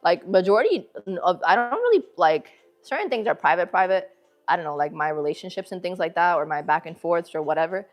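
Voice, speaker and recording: A woman's voice: lowish voice, expressive, brisk, soft background music. A woman hosting a casual livestream from a gym, with a northern city accent, talking to her viewers in a slangy, chatty way. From northern United States. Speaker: livestream host. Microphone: phone camera.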